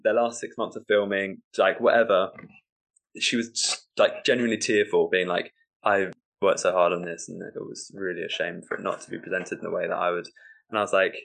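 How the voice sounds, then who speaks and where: A man, a stand-up comedian telling a story in casual chat, animated and laughing often. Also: on the low side, moderate pace, gravelly. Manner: animated, acts out quoted voices, laughs often.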